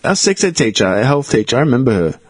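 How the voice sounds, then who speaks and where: A man's voice: medium pitch, sing-song, fast, slightly rough. A man in a casual podcast chat, crude and joking, swearing freely and laughing a lot.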